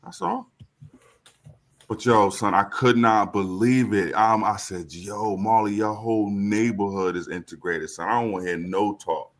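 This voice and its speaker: A man from Brooklyn, hosting a casual group chat and telling an excitable story with plenty of swearing. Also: on the low side, unhurried.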